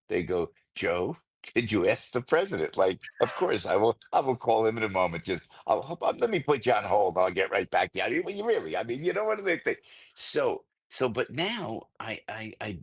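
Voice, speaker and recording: An older radio host, a man, telling a story as a guest in an excitable, rambling way, full of restarts and stammers. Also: low voice. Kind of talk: phone-in radio interview, storytelling.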